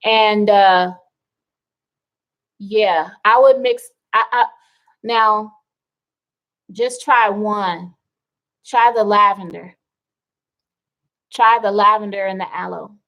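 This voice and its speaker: A woman's voice: mid-range voice, slow, long pauses, lo-fi sound. A middle-aged woman hosting a wellness livestream, chatting casually and reading out viewer comments with rambling asides.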